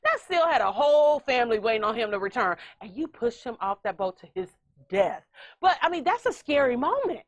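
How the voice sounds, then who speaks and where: A middle-aged woman hosting a podcast, telling a story with animated comic commentary and acting out voices. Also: fairly high pitch, fairly quick. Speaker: podcast host. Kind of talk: casual comedic commentary.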